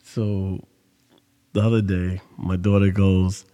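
A man's voice: deep voice, flat delivery, takes it slowly, warm tone, in a large hall. A man hosting a podcast, telling a story in casual monologue with loose, profane street talk. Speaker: podcast host.

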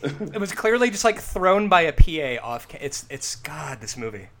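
A man with a fairly high, bright voice and a lively pitch, talking in casual chat. He curses freely and mocks things with animated energy. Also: moderate pace. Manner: profane, animated, mocking.

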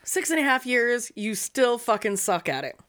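A woman's voice: fairly high pitch, lively intonation, moderate pace, a bit bright. A woman hosting a podcast, telling a true-crime story in a casual, profane, blunt way.

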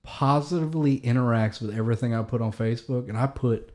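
A man on a podcast as a guest, telling stories with lots of energy. He laughs easily and swears freely. His voice sits at an ordinary middle pitch. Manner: animated storytelling, quick to laugh and swear. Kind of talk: casual chat.

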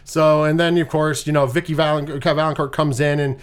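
A man with a fairly high voice hosts a movie podcast in a loose, chatty way. He swears freely and laughs along with his friends. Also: steady tone, brisk, clear, resonant tone. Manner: laid-back, swears often, laughs along. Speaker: podcast host. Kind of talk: casual movie review chat.

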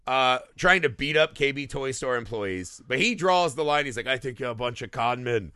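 A man's voice: medium pitch, expressive, moderate pace, pushed and bright, clean tone, dry recording, clean studio sound. A man co-hosting a casual comedy podcast about a movie, riffing and swearing freely as he mocks the plot. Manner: profane, riffing, does mocking quoted voices. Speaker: podcast co-host.

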